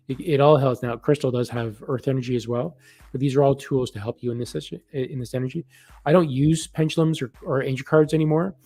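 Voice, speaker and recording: A man hosting a live online reading, talking casually with warm affirmations and many restarts. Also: mid-range voice, creaky, husky. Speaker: psychic reader hosting a live event.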